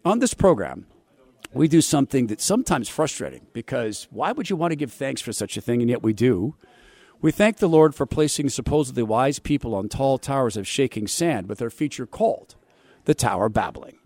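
A male talk show host with a lively, swooping delivery and a sarcastic, preachy edge. His voice is dry and close, with no room around it. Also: mid-range voice, fairly quick, no echo. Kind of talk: commentary, mocking soundbites.

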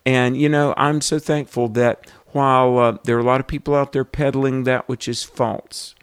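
A man's voice: medium pitch, little pitch movement, moderate pace, clear, resonant tone, no room sound. A male radio host making an earnest fundraising appeal and telling stories to rally listeners.

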